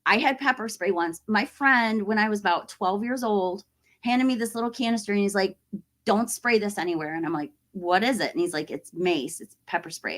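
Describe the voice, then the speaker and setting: A woman in her forties chatting casually to camera as a horror YouTuber, animated and acting out other people's voices as she tells a story. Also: mid-range voice. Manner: animated, acts out quoted voices.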